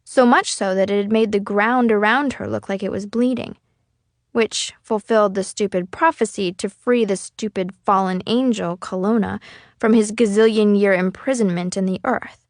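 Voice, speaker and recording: Woman reader, mid pitch, casual expressive first-person narration, dry close sound. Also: moderate pace, no room sound. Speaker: audiobook reader.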